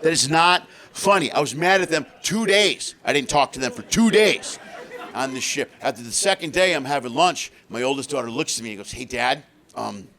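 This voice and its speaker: A middle-aged man doing a stand-up comedy set, telling stories with animated delivery and shouting the punchlines. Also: mid-range voice, brisk, a faint crowd. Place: live comedy stage. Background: audience laughter.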